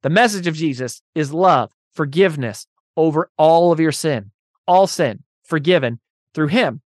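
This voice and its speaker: A man's voice: fairly high pitch, animated, moderate pace, dry recording, studio quality. A man hosting a casual Bible teaching talk, chatty and full of "you know" and "right?", turning emphatic as he preaches. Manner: conversational, many fillers like "right?" and "you know"; grows emphatic and louder when preaching about love. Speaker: Bible study host.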